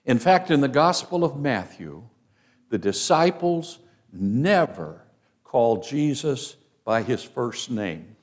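Animated preacher man, slow and dramatic. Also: mid-range voice. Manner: dramatic, acts out quoted voices, swings from loud to hushed. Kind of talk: sermon.

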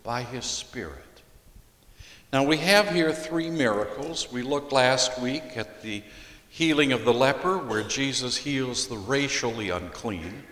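A man preaching an expository sermon as a pastor, deliberately reading scripture aloud and explaining it. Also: mid-range voice, fairly bright tone. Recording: echoey hall with long reverb.

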